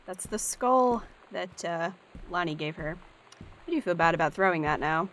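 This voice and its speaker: A woman's voice: lowish voice, animated, moderate pace, a bit bright, a little hiss or hum. A woman giving casual, upbeat gameplay commentary and thinking aloud as she plays. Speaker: let's play host.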